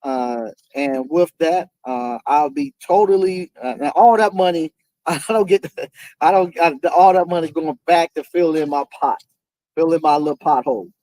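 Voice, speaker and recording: A man's voice: a little high, dark tone, dry recording, poor audio. Guy rambling to his camera, lots of uhs and restarts, kinda determined, chuckles a lot, dry sound. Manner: halting, full of fillers and restarts; earnest and determined. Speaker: vlogger. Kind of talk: casual talk to camera.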